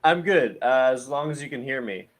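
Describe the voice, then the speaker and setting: A man joining a live chat show as guest, excitable and quick to correct himself. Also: mid-range voice. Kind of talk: casual interview.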